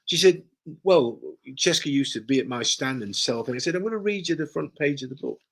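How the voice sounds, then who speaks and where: A man's voice: medium pitch, lively intonation, brisk. A man, a guest author in a casual conversation, who tells stories animatedly and acts out the dialogue. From Yorkshire, England.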